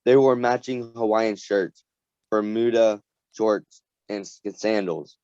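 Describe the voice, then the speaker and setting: A man reading a novel aloud to a community reading group, halting and often restarting words. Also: lowish voice, fairly even intonation, a little mellow, clean tone, dry recording. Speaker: story reader. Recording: dull dry lo-fi recording.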